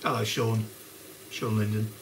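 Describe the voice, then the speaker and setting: Speaking at a measured pace in a lowish, level tone, a man hosts a casual live cookalong and greets viewers by name. The background is noisy with the sizzle of onions frying.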